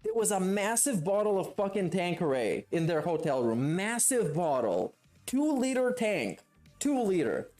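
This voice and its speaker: A male streamer giving live reaction commentary. He swears constantly and tears into his target with scorn, and his voice swings widely in pitch as he rants. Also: big pitch swings, unhurried, a little mellow, faint music behind. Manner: profane, mocking, scornful rants.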